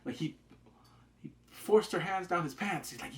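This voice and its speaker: A man giving a rambling, excited recap of a TV show, full of fillers and loud acted-out yelps. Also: sits high, moderate pace, slight background noise. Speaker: show reviewer. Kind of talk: casual spoken recap.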